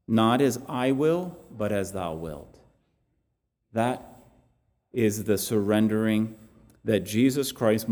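Earnest preacher in a reverberant hall. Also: male voice, lowish voice, warm tone. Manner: earnest, halting with repeated restarts. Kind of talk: sermon.

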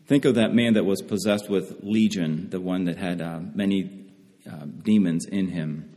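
A man's voice: low-pitched, fairly even intonation, normal speed, warm tone. A man preaching a sermon in an earnest way, often repeating phrases for emphasis. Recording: long hall reverb.

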